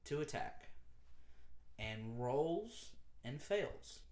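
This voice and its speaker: A man's voice: on the high side, sing-song, very slow, over a noisy crowd. A man co-hosting a casual podcast, laid-back and slangy while recapping a game. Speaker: podcast co-host. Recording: roomy echo.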